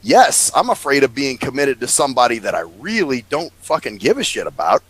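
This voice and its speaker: A man's voice: mid-range voice, fairly quick, dry recording, low-quality recording. A man co-hosting a podcast, telling a story in casual chat, acting out the people in it and swearing freely. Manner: animated storyteller, acts out quoted voices. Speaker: podcast co-host.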